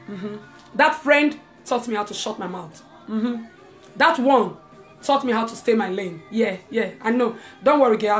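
A woman preaching a live-streamed sermon. She reads scripture aloud and talks straight to her listeners with friendly asides. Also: a little high.

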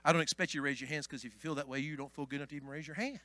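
A man preaching a Pentecostal sermon as pastor, swinging from hushed asides to shouted climaxes. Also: fairly high pitch, steady tone, rapid-fire, no echo.

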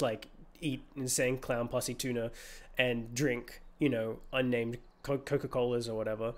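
A man streaming a game, rambling and joking through casual commentary with many fillers. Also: mid-range voice.

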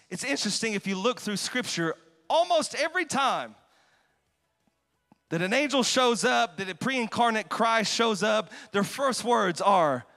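High, bright-voiced preaching man. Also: expressive, normal speed. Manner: passionate, swings from quiet to shouting. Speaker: pastor. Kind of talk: sermon. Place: large church hall. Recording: long hall reverb.

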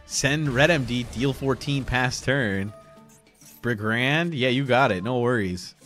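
A young man streaming a card game, giggling and excitedly calling out each play as it happens. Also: mid-range voice, takes it slowly, faint music behind. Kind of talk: live gameplay commentary.

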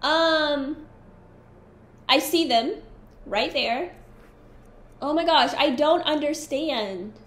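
Lively, animated woman gaming streamer. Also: high voice, reverberant. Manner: chatty, easily exasperated, talks to her companion. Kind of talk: casual let's-play commentary.

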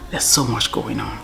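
Middle-aged Liberian woman vlogger, deep and gravelly, lively pitch, casual and rambling. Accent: Liberian English. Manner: rambling, talks to herself, drops to near-whispers. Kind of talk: casual talk to camera.

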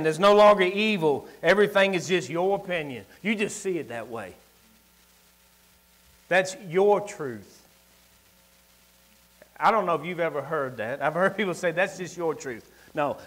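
Male preacher, high voice, rural Southern US accent, folksy and emphatic, big swings in loudness. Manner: emphatic, swings from loud declarations to quiet asides, folksy. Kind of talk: sermon with personal storytelling. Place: church service.

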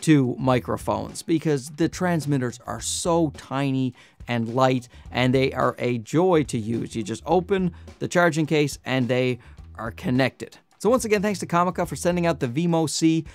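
A man with a nasal voice, chatting casually through a product review on a clip-on lapel mic, joking and sometimes getting loud. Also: medium pitch, animated, normal speed, faint music behind. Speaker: camera gear reviewer.

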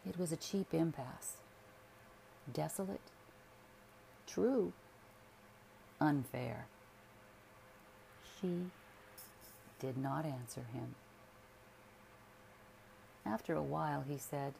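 A woman reading a literary story aloud as a sleep story narrator, in a soothing, measured way. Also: deep voice, gravelly, warm tone, slight background noise.

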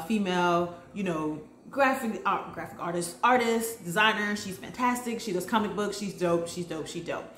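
Woman, casual TV recap, enthusiastic, slangy, middle pitch, echoey room. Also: a little hiss or hum. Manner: chatty, enthusiastic, lively slang. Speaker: TV recap vlogger. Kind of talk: casual chat. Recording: roomy echo.

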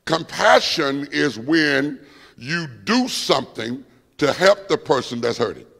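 Male pastor, gravelly and fairly high-pitched, call-and-response Bible study preaching, long church reverb. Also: expressive, a little slow, a bit bright. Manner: call-and-response preaching, asks the room to fill in words.

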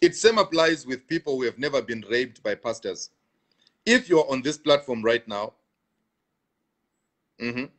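A man's voice: medium pitch, expressive, unhurried, pauses often, a bit bright. A man, a pastor, talking on a live stream and answering viewer comments, repeating himself for emphasis and laughing between points.

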